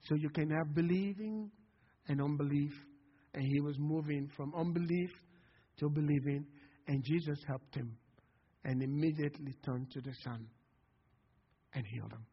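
A man's voice: on the high side, fairly even intonation, moderate pace, pauses often, slightly rough. A male pastor preaching a sermon to his congregation, with impassioned delivery and frequent calls of "Amen?". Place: church sanctuary. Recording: long hall reverb, dull lo-fi sound.

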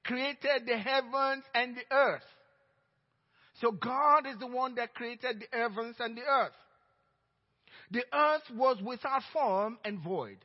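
Nigerian male pastor, husky high voice, emphatic storytelling, dull recording with long church reverb. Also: takes it slowly. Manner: emphatic storytelling, swinging between loud and hushed. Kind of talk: sermon. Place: church sanctuary.

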